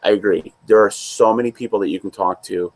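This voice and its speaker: A man with a very low, deep voice talks through a casual chat. He co-hosts in an easygoing, rambling manner. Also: fairly quick. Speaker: co-host.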